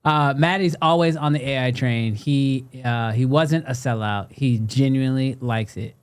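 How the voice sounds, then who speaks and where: A man hosting a casual livestream talk show, joking with his co-host and reading chat out loud. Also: medium pitch, moderate pace, smooth. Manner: playful, laughing, reads chat aloud. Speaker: podcast host.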